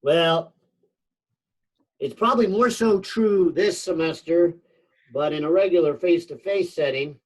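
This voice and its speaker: A man's voice: fairly high pitch, poor audio. Man explaining physics over a video call. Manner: thinks aloud with frequent fillers, light joking. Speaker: physics instructor. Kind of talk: online class help session.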